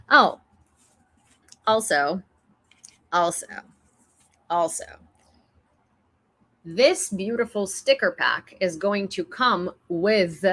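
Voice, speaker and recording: A woman's voice: lowish voice, a bit bright. A woman from Ukraine, hosting a casual livestream news chat in a chatty, giggly way, often restarting her sentences into a phone. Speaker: livestream host.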